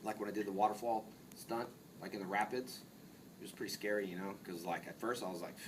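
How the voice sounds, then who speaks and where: A man's voice: lowish voice, quick pace. Joking man telling stories off-mic. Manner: loose, joking anecdotes full of "like" and "dude". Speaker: convention panel guest. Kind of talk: casual storytelling Q&A. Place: convention hall panel. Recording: distant mic in noisy convention hall.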